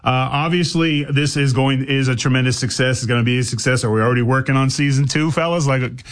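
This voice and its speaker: A man's voice: mid-range voice, quick pace. A man hosting a radio interview, chatty and joking, with stumbling restarts. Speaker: radio host.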